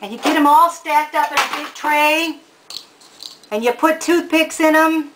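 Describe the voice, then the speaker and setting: A woman's voice: high-pitched, measured pace, background noise. A woman giving a casual cooking demonstration in a home kitchen, chatty and homey, talking straight to the viewer. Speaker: home cook presenting a recipe.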